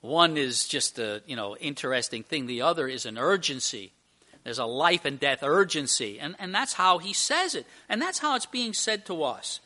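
A man's voice: a little high, expressive, normal speed, bright, forceful tone. A male pastor preaching a sermon to his church at communion, emphatic and full of rhetorical questions.

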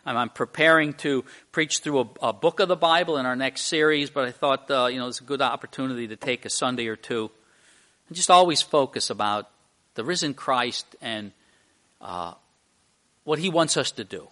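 A man's voice: medium pitch, normal speed, sharp tone. A man preaching a sermon, conversational, with frequent restarts and repeated words. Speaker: pastor.

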